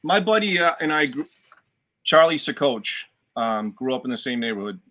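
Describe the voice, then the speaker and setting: A man with a softened Boston accent, an actor guest telling animated stories in a casual chat and swearing freely. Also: mid-range voice, normal speed. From Dorchester, Boston.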